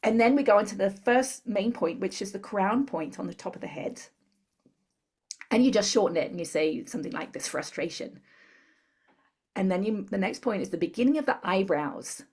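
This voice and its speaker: Husky-voiced woman explaining step by step. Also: mid-range voice, fairly quick. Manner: calm step-by-step instructor. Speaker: guest, tapping therapy practitioner. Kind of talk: explanatory interview talk.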